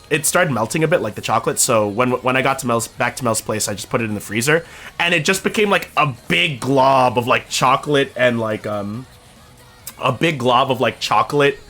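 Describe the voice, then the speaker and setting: Casually telling his stream chat a story, a young man from Canada keeps things animated. He swears here and there and acts out the quotes, his pitch jumping widely.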